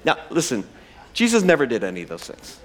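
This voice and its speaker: A man's voice: medium pitch, wildly swooping pitch, fairly quick. A man in his forties preaching a sermon, conversational and humorous with self-deprecating asides. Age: 40s. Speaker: pastor.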